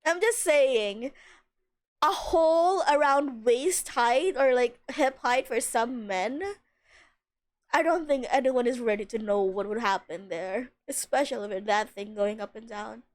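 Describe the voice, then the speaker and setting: Excitable young woman streaming a game. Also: on the high side, measured pace. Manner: chatty, excitable, swears casually, greets viewers. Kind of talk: casual livestream commentary.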